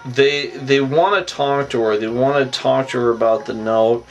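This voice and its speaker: Man, casual rambling recap, chuckling, verbal tic, mid-pitched voice. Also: moderate pace, lo-fi sound, soft background music. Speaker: recap host.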